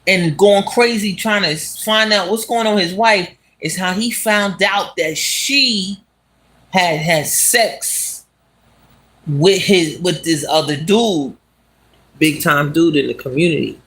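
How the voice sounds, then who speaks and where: A vlogger casually retelling a movie plot while walking outdoors, talking in an animated, slangy way and laughing as they go. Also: medium pitch, slow. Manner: animated, slangy, laughs as it talks, asks "you understand?". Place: outdoors on city streets.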